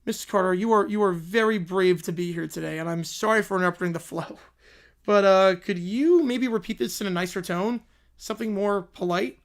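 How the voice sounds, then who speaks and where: A man plays a flustered courtroom lawyer in a comedy sketch who cannot stop saying sorry. He stammers and restarts, nervous even when he tries to sound bold. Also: high voice, a little fast. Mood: apologetic. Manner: nervous, stammering, apologizes constantly. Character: bumbling, endlessly apologetic male defense lawyer.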